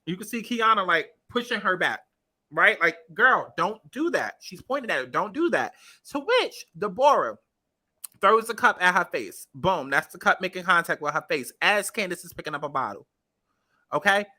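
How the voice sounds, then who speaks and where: A woman's voice: medium pitch, sharp tone. A woman giving casual, profane commentary on a reality-TV clip, talking straight to her viewers and repeating points for emphasis. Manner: talks to viewers while scrubbing through a clip. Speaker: commentary vlogger.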